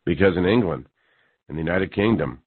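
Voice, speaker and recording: A male talk radio host working through a mocking, sarcastic monologue and rising to loud disbelief. His voice is squeezed thin like a phone line. The sound is dry, with no room around it. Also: sits low, expressive, a little fast, breathy edge, no echo. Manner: sarcastic, mocking, building to incredulous outbursts.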